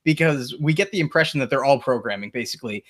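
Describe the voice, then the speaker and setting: A man co-hosting a casual gaming podcast, skeptical in his views but quick to laugh and agree. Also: mid-range voice. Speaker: podcast co-host.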